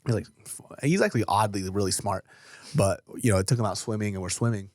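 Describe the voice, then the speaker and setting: A man co-hosting a podcast, chatting casually and telling animated, profane stories. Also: lowish voice, quick pace, no room sound, clean studio sound. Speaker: podcast co-host. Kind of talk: casual chat.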